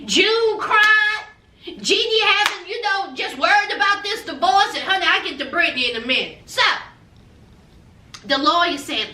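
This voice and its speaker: A woman hosts a reality TV recap, dishing sassy, gossipy commentary with dramatic asides. Her voice is very high and sing-song, bright and forceful, at a moderate pace. The room is echoey and she sits some distance from the mic.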